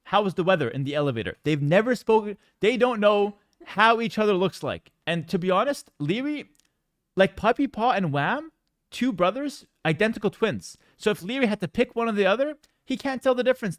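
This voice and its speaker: A man with a high, very lively voice spins a story for his stream, joking and playing up his outrage. The sound is dry and close. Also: no echo. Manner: animated, joking, exaggerated mock outrage.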